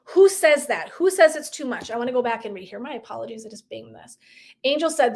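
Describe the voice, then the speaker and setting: A woman wellness coach telling a personal story in a casual live talk, animated and often laughing. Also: a little high, moderate pace.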